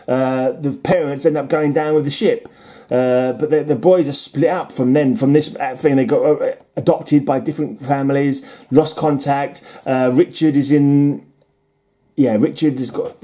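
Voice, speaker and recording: In a relaxed chat, a man reviewing comics recaps old comic stories in a warm voice of medium pitch. He wanders as he talks, restarting and chuckling.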